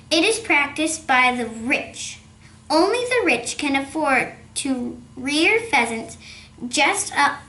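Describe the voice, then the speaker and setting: Storyteller father, conspiratorial and lively, read by a woman; high, unhurried, in an echoey room. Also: heavily acted. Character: cheerful rural father, storyteller, man.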